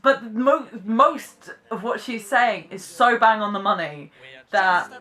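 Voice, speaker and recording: A young woman with a posh English accent and a bright, clear voice. She talks in a lively, theatre-trained way, enunciating crisply as she gives casual commentary. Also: mid-range voice, takes it slowly. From Britain. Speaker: vlogger.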